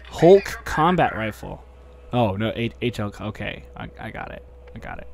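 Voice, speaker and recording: A man's voice: on the low side, lively intonation, normal speed. Goofy gamer man with a worn-out voice. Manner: rambling, jokey, talks back at game enemies; keeps his voice down because people are asleep. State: worn-out voice from a day of talking. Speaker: let's play commentator. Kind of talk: goofy gameplay commentary.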